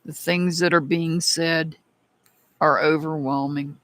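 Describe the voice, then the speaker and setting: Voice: medium pitch, steady tone, slow, fairly bright tone, no room sound. A tarot reader giving a casual live-stream reading, chatty and calling out viewers by name.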